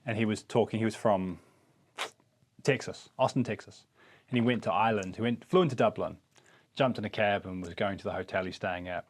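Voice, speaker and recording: A man's voice: fairly low pitch, brisk, slight background noise. An American man co-hosting a podcast, telling stories in a dry, joking way with some swearing. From United States. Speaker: podcast co-host. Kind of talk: casual chat.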